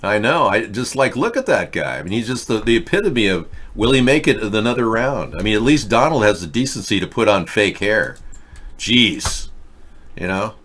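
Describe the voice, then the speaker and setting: A man's voice: on the low side, sing-song, normal speed, a bit bright, slightly rough. A man hosting a casual political commentary show, reading headlines aloud with sarcastic, mocking asides. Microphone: webcam setup.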